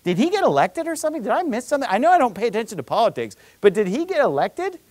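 A man preaching a sermon in an animated, conversational way, full of rhetorical questions and quoted scripture. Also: extremely high pitch, rapid-fire, dry recording. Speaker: pastor.

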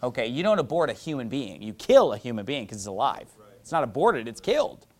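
A man's voice: mid-range voice, sing-song, fast. A male pastor preaching a sermon in an emphatic, mocking style that builds to rising fervor.

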